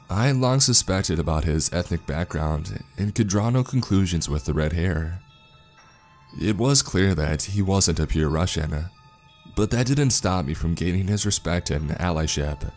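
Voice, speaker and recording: Deep voiced guy reading a scary story, steady and grave, soft music behind. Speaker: horror story narrator. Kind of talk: scripted narration.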